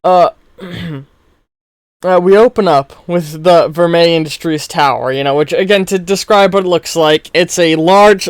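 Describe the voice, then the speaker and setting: A man's voice: on the high side, clear, resonant tone, dry recording, studio quality. A man narrating a role-play story as game master, often stumbling over words and laughing at himself. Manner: stumbling, self-mocking, chuckling.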